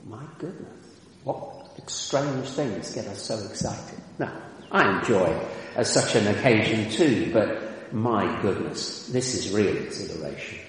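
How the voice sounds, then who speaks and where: Animated preacher man in an echoey hall. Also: fairly low pitch, unhurried, slight background noise. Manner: animated, rises to exclamations. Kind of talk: sermon.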